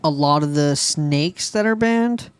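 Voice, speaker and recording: A man with a fairly high voice chats loosely on a podcast, cracking jokes and dropping curse words as he goes. The sound is dry and close to the mic, with no room around it. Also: animated, a little slow, clear, resonant tone, no echo. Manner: joking, swears often. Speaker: podcast co-host. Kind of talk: casual podcast chat. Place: home studio in Florida.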